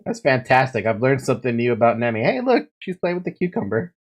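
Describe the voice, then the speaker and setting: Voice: medium pitch, sing-song, fast. A streamer chatting casually and playfully while playing a game, laughing often and swearing.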